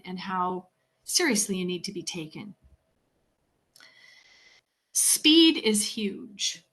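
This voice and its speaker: A woman communication coach presenting to a meeting, speaking in a measured, deliberate way and walking through her points one by one with clear emphasis and pauses. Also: medium pitch, a bit bright. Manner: instructive, lists points one by one. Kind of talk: professional talk to a meeting.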